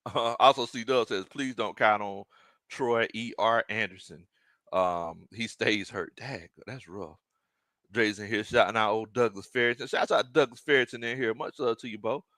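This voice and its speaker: A man hosting a casual sports live stream, reading viewer comments aloud, animated and laughing often. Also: on the low side, moderate pace, no echo. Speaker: sports show host.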